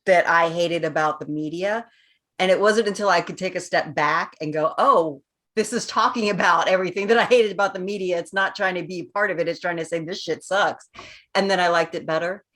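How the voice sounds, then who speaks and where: A woman in her forties hosts a casual podcast chat in a slightly low voice. She rambles along in a relaxed way and breaks into frequent laughs. She pitches her voice a bit above its natural level. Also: moderate pace. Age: 40s. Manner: chatty, laughs often between thoughts; speaks a bit higher than her natural voice. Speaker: podcast host.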